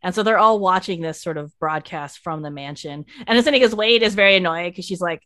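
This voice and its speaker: A woman hosting a casual podcast, recapping a TV episode and acting out the characters' lines in an animated way. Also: on the low side, brisk, no echo, studio quality. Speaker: podcast host.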